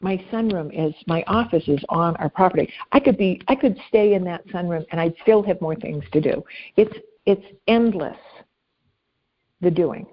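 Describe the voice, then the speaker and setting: A woman life coach talking in a casual interview, animated and self-deprecating, often restarting her sentences. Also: lowish voice, moderate pace, muffled recording.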